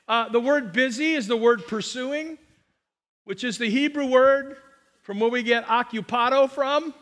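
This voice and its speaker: High-voiced preacher in a reverberant hall. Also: male voice, unhurried. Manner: animated storytelling, jokey asides and acted-out quotes. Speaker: pastor. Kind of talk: sermon.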